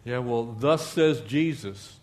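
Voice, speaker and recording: A male pastor preaching a lively sermon, asking the congregation for amens and mixing in jokes. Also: mid-range voice, slow, a little hiss or hum.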